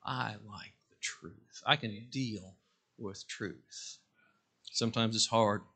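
A male pastor preaching a sermon, swinging from loud declarations to hushed asides and acting out quotes. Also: lowish voice, takes it slowly, slightly rough.

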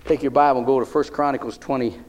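A male pastor preaching a sermon, repeating phrases emphatically and rising into loud declarations. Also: mid-range voice, steady tone, quick pace.

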